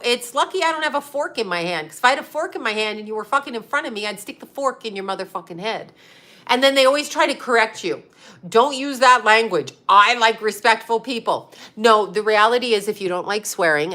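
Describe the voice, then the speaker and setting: A woman in her fifties, hosting as a psychic medium and astrologer, chats casually on a livestream and reads out viewer comments. She's blunt and profane and laughs often, her fairly high voice sounding pushed and bright.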